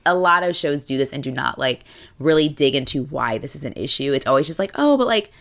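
A woman's voice: fast, creaky. A woman co-hosting a casual chat about a TV show, acting out quotes with big jumps in her voice. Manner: animated, acts out quotes with pitch jumps. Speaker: podcast co-host.

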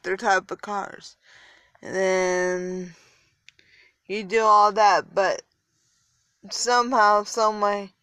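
A young adult woman podcaster, a little tired, rambling casually with halting pauses and fillers. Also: mid-range voice, fairly bright tone, smooth, no echo. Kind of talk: casual solo podcast talk.

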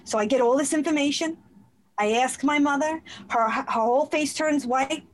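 High-voiced woman telling a heartfelt story. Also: normal speed. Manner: animated, acts out quoted voices. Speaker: guest. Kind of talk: emotional personal storytelling.

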